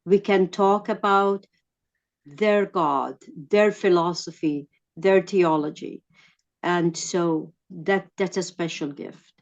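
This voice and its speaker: A woman sharing her thoughts in an online class, halting and heartfelt, on a video call. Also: lowish voice, highs cut off. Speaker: class participant.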